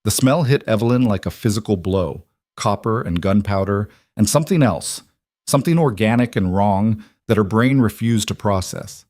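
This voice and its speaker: Low-voiced man narrating a crime story. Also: lively intonation, moderate pace, darkish tone, no room sound, studio quality. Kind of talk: scripted audiobook narration.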